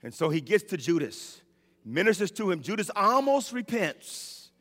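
Bright-voiced preacher in a ringing hall. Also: male voice, high voice, very animated, moderate pace. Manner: dramatic storytelling, swelling to shouts. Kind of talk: sermon. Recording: long reverb of a large hall.

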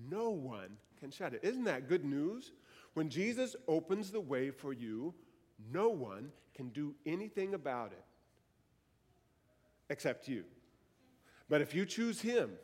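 A man preaching a sermon, moving between quiet teaching and loud, fervent declarations. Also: on the high side. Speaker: pastor. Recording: long hall reverb.

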